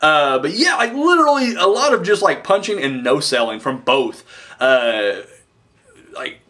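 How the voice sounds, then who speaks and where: A young man casually recapping a wrestling show, excitable and rambling, with some swearing. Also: fairly high pitch, a little slow.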